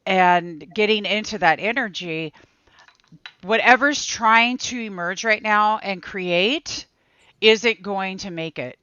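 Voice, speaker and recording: Woman, panel guest, smooth clear voice, dry close mic, slightly dull sound, animated spiritual chat. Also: lowish voice, dry recording. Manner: animated, repeats mantras in quick bursts.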